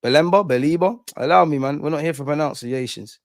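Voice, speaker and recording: A man's voice: fairly high pitch, fast, gravelly, no room sound, studio quality. A young man hosting a live fan stream, ranting heatedly and repeating lines for emphasis. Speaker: fan channel host.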